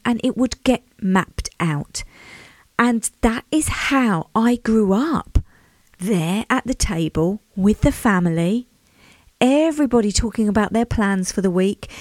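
A woman's voice: medium pitch, darkish tone, no echo. A woman, hosting a podcast and telling a reflective story in a chatty way, speaking directly to her listeners. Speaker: podcast host. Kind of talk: casual storytelling monologue.

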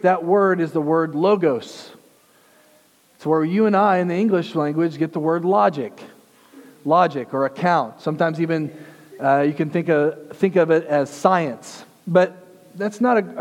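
A man's voice: on the high side, darkish tone, in a large hall. A man preaching a sermon as a pastor, teaching in a conversational way with frequent restarts and repeated words. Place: church sanctuary.

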